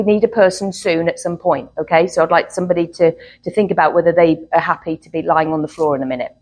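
A woman's voice: on the low side, low-quality recording. A middle-aged woman, a therapist, teaching a live workshop to a group in a chatty way, often checking in with "okay?".

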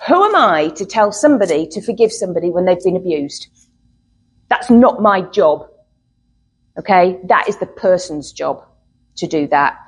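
Husky woman teaching a workshop. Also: medium pitch, rough recording. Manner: chatty, repeats "okay?" to check in with listeners. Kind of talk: live workshop talk to a group.

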